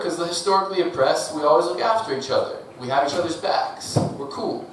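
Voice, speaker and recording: A man performing a stand-up comedy set on a club stage, delivering jokes deadpan with laughing asides. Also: high-pitched, quick pace, hardly any pauses. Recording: echoey club from a distant mic, audible noise.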